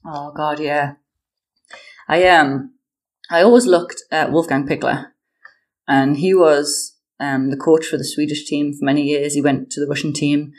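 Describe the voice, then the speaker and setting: A woman in her thirties from the United Kingdom, a guest chatting casually in an interview, with lots of fillers and animated storytelling. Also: deep voice.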